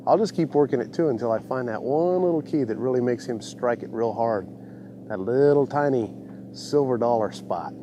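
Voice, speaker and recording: A man hosting a fishing show, giving excited commentary from a boat on a lake and talking to the fish and the viewers at home. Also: mid-range voice, moderate pace, background noise. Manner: whoops and laughs, talks to the fish and the folks at home.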